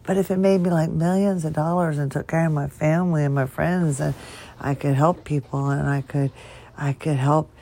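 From her bed at home, a woman hosts her own rambling solo podcast in a low, mellow voice with fairly even intonation and normal speed, over slight background noise. She wanders into tangents and chuckles now and then, her voice weak and strained as she struggles to speak.

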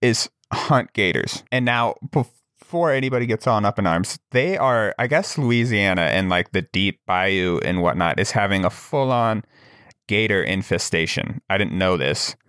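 Podcast co-host, man, low register, chatty storyteller with lots of fillers. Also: expressive, normal speed, fairly bright tone, clear, resonant tone, no echo, clean studio sound. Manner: rambling storyteller, many fillers. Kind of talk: casual chat.

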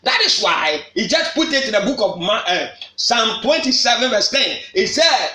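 A man preaching at a prayer meeting, shouting and repeating phrases for emphasis. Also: high voice, very animated, normal speed, hardly any pauses. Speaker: apostle leading a prayer meeting. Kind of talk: fiery preaching. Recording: echoey room.

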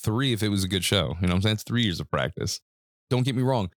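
A man with a lowish voice co-hosts a loose podcast chat, spinning long animated stories and laughing at his own jokes. He coughs now and then, and the sound is dry and close on his desk mic. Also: dry recording. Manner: animated storyteller, laughs often, drawn-out asides. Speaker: podcast co-host. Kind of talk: casual chat. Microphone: own desk mic with mute button.

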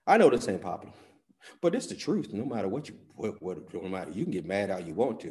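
A pastor preaching a sermon, folksy with "y'all", swinging between loud bursts and hushed asides. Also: male voice, fairly low pitch, big pitch swings, moderate pace. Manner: folksy talk with "y'all" and "ain't".

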